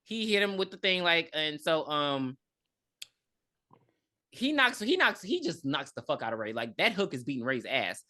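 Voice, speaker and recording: A woman co-hosts a casual movie review podcast with a lowish voice that still sounds bright and forceful. She talks bluntly, swears freely and laughs a lot as she retells the plot. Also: very animated, moderate pace. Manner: blunt and profane, laughing often. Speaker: podcast co-host.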